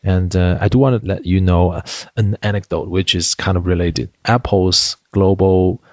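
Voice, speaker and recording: Man, company founder, from China, very low pitch, dry recording, animated storytelling. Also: moderate pace, no echo. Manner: animated storyteller, many fillers and restarts. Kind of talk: interview conversation.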